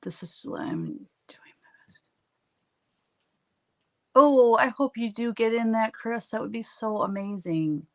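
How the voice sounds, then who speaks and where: Standing at work in her home studio, an artist runs a live painting stream and chats with her viewers. Her fairly high voice moves at a normal pace with hardly a pause as she tells funny stories, laughing frequently.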